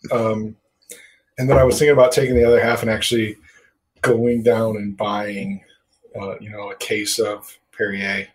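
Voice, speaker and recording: A man's voice: fairly low pitch, flat delivery, moderate pace, low-quality recording. A man chatting casually on a podcast about home brewing, rambling with lots of fillers and casual swearing. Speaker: podcast co-host.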